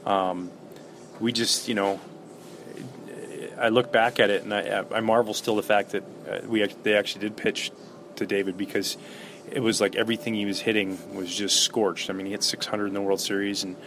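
A middle-aged man, a former ballplayer, telling stories in a relaxed interview with lots of fillers and restarts. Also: on the low side, moderate pace, a little hiss or hum. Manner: animated anecdotes with many fillers and restarts. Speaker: former baseball player, guest.

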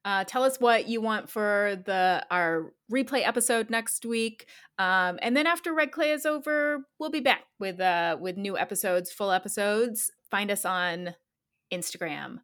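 A woman's voice: mid-range voice, unhurried, a bit bright, smooth. A young woman co-hosting a podcast, chatting casually and rambling with frequent giggles. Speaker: podcast co-host. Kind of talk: casual chat.

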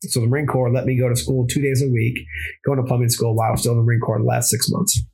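A husky-voiced man tells his story at a rapid clip, circling back and correcting himself as he goes. He is a plumber and former Marine chatting casually in an interview. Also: medium pitch, flat delivery, mellow, poor audio. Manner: rambling, with restarts and self-corrections.

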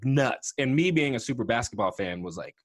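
A man co-hosting a podcast in casual chat, telling lively stories and acting out the quotes. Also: medium pitch, a little fast. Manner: animated storyteller, acts out quotes. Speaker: podcast co-host.

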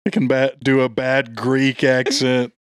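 A man's voice: medium pitch, flat delivery, a little slow, smooth, no echo, studio quality. A man in casual podcast chat, jokey and sarcastic. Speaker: podcast co-host.

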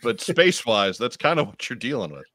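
Bright-voiced man reading chat comments. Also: mid-range voice, big pitch swings, no echo, studio quality. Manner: reads out viewer comments, halting restarts. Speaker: podcast co-host. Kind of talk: casual livestream chat.

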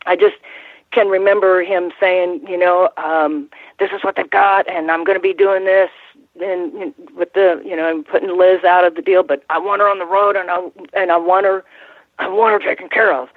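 Over a thin, tinny phone connection, a guest who once worked as a ring announcer, an older woman with a lowish, even voice, looks back on her time around the ring. Her casual storytelling is halting, full of fillers and restarted sentences. The audio is completely dry, with no sense of a room.

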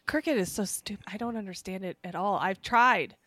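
A woman's voice: medium pitch, a little fast, fairly bright tone, no room sound. A woman co-hosting a movie podcast, asking questions and laughing often in casual chat. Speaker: podcast co-host.

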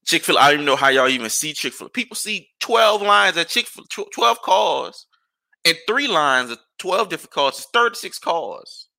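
Gravelly, exasperated ranting man. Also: fairly high pitch, moderate pace. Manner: animated, exasperated ranting with profanity and rhetorical questions. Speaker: podcast host. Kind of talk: casual ranting monologue.

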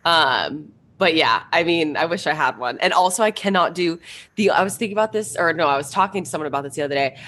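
Upbeat woman co-host with a deep voice. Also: animated, fast talker, fairly bright tone, a little hiss or hum. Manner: upbeat, gushing. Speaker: podcast co-host. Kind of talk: casual chat.

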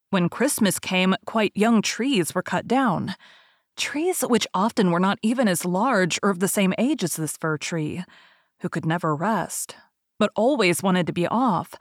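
A woman narrating a fairy tale aloud with careful, expressive reading. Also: lowish voice, dry recording, clean studio sound. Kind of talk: storybook reading.

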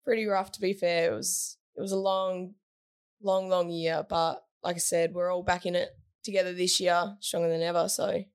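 A woman's voice: on the low side, little pitch movement, moderate pace, clean tone. Upbeat woman, team captain. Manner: upbeat, with frequent "like" and "yeah" fillers. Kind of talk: casual interview chat.

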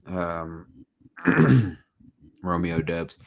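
A man co-hosting a casual sports podcast, drawing out his words at an unhurried pace. His pitch swings widely as he jokes and teases. He breaks into loud laughs while bantering. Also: big pitch swings, vocal fry. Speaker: podcast co-host.

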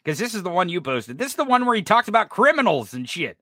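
Middle-aged male podcast host, sarcastic profane ranter, high bright voice. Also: big pitch swings, fast, no echo, studio quality. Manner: angry, swearing, sarcastic. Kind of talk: profane political rant.

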